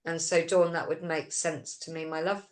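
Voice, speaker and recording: A woman hosts a relaxed talk show and talks through a long story, voicing the lines of each person in it. Her voice sits fairly low for a woman. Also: normal speed. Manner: storytelling, retelling quoted dialogue; reads listener questions aloud. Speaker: host. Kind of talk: casual chat.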